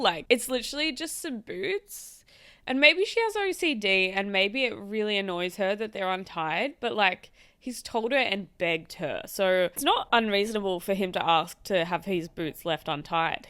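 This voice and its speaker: A woman's voice: medium pitch, pushed and bright, clear, resonant tone, dry recording, studio quality. A young woman hosting a podcast, reading stories aloud and breaking off into sarcastic, chatty asides. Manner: chatty, sarcastic asides, swears, laughs easily. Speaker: podcast host. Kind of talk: casual reaction chat, reading stories aloud. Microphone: close podcast mic.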